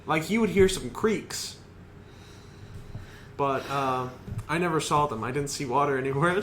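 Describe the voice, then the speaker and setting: A young adult man co-hosting a podcast, chatting casually in a laid-back, halting way. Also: a little high, a bit bright, slight background noise. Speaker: podcast co-host. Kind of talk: casual chat.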